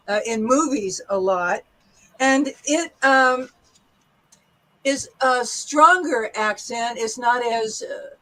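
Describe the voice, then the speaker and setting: A woman with a General American accent, patiently explaining accents to an online class with clear examples. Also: on the high side, fairly bright tone, low-quality recording. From United States. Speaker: guest teacher.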